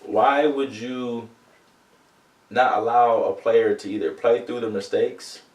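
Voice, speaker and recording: A man's voice: medium pitch, fairly even intonation, slow pace. A man who coaches, co-hosting a podcast, arguing his points earnestly and asking pointed questions. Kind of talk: casual podcast chat. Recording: roomy, distant mic.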